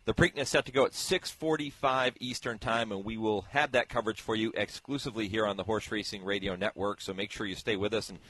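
A man with a lowish voice hosts a horse racing radio show. He talks in a chatty, storytelling way and tells anecdotes from the barns at an easy pace. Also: steady tone, quick pace, few pauses, a bit bright, no echo.

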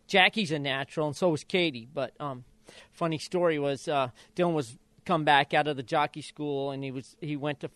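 Older man, former jockey, smooth slightly high voice, chatty storyteller who acts out quotes, dry close mic. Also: a little fast, a bit bright, no room sound. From Idaho. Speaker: retired jockey and father of jockeys. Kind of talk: casual interview storytelling.

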